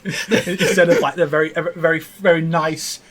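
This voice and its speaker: A man's voice: on the high side, steady tone, normal speed, a bit bright. A man hosting a casual gaming trivia chat, often stumbling and repeating words. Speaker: podcast host running a trivia iceberg.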